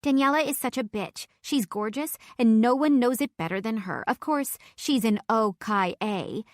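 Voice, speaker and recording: A woman voices a catty, snide college girl who talks with scorn, using a fairly high pitch set above her own natural voice yet close to an everyday sound. She speaks at normal speed in a clean studio recording with no echo.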